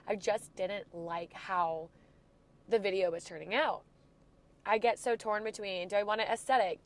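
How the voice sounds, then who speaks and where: A woman in her twenties from Florida with a stuffy nose from a cold, talking through a reflective, rambling weekly diary check-in for her vlog. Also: medium pitch. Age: 20s. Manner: reflective, rambling, soft-spoken. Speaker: vlogger.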